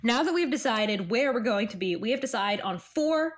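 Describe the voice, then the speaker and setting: A woman acting as game master, leading a relaxed group chat with wry, upbeat humor. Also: on the high side, moderate pace, a little hiss or hum. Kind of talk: casual chat setting up a tabletop game.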